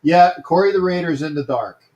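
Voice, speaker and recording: A man's voice: on the high side, animated, fairly quick, darkish tone, highs cut off. A man hosting a casual sports talk livestream, greeting viewers by name and often repeating himself.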